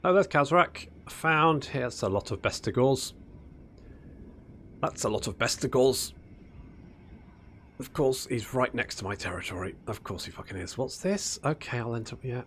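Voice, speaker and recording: A man's voice: medium pitch, lively intonation, normal speed, long pauses, fairly bright tone, a little hiss or hum. A man hosting a casual strategy game let's-play, chatting and muttering to himself as he plays and calling his units "buddy". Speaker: gaming channel host.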